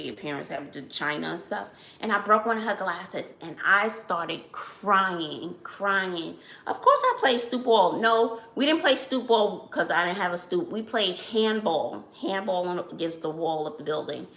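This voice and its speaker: A woman from Brooklyn, hosting a casual livestream chat and telling lively stories with frequent laughs. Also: lowish voice, gravelly, reverberant. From Brooklyn, New York. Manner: animated storyteller, laughs often, says "child". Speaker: channel host.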